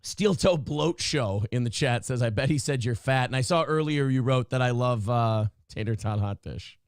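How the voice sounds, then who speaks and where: A man's voice: mid-range voice, normal speed, clear, resonant tone, no echo, clean studio sound. A man hosting a live show, chatting and ranting, swearing a lot and reading viewer comments aloud. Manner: profane, animated, reads chat comments aloud. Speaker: host. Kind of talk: casual live-show banter and rant.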